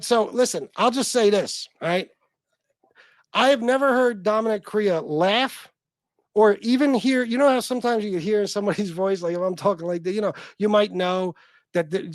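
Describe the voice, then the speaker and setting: A man with a notably high voice hosts a casual livestream. He reacts with profane, exasperated disbelief. The sound is dry, with no room echo. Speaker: livestream host.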